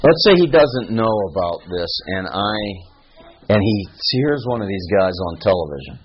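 A man teaching a Bible passage verse by verse, deliberate and emphatic, speaking straight to his listeners. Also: lowish voice, big pitch swings, breathy edge, dull audio.

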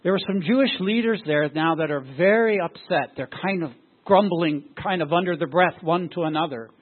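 A pastor with a high, slightly husky voice preaches to his congregation and keeps firing questions at them. The recording sounds thin and tinny, like it came over a phone line. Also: normal speed. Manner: asks the congregation rhetorical questions. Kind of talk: sermon.

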